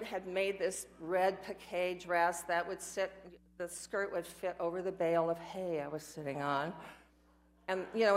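An older woman telling her life story in a candid, rambling way, with self-mocking asides. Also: mid-range voice. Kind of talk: personal storytelling talk.

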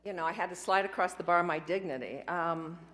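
A woman's voice: fairly low pitch, brisk, fairly bright tone. An older woman telling her life story in a candid, rambling way, with self-mocking asides. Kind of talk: personal storytelling talk.

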